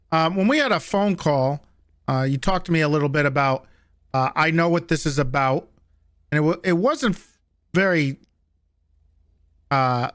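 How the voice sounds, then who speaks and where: A man playing a methodical prosecutor in an improvised game roleplay, questioning slowly with hesitant fillers. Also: on the high side, a bit bright, clean tone, no room sound, studio quality.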